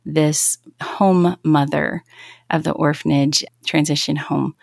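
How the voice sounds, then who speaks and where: A woman's voice: low-pitched, steady tone, slow pace, gravelly, no room sound, clean studio sound. A woman in her thirties sharing a personal faith story in an interview, earnest and reflective, often restarting her sentences. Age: 30s. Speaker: guest.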